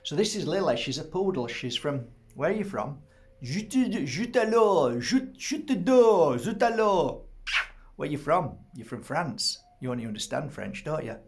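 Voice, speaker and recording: A man's voice: medium pitch, lively intonation, brisk, creaky, few pauses, a bit bright. A middle-aged man chatting casually to camera as host, rambling, laughing often and breaking off to fuss over his dog.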